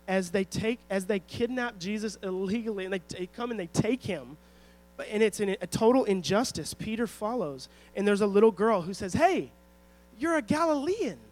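Poorly recorded and high-voiced, this pastor preaches with emphasis and plenty of storytelling, often throwing rhetorical questions at his congregation.

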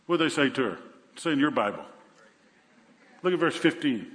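An older man preaching a sermon, telling a Bible story with animated energy and acting out the voices. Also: medium pitch, fairly quick, pauses often. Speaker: pastor. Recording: echoey hall.

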